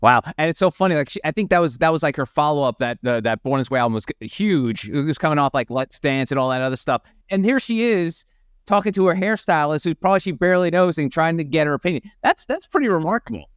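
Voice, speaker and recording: A man's voice: on the high side, animated, fast talker, smooth, no room sound, studio quality. A man hosting an interview, asking eager questions in a casual way. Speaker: podcast host interviewer.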